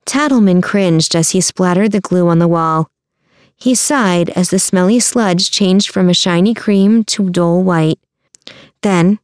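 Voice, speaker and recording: A woman reads a story aloud at a steady, measured pace. Her voice is smooth and resonant. The recording is close and dry. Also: lowish voice, no echo. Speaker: narrator. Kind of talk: storybook narration.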